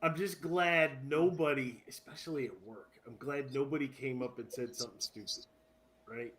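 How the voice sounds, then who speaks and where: Man, sports podcast co-host, casual chat, animated delivery, repeats himself. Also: mid-range voice, normal speed. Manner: animated, repeats words, laughs at own jokes.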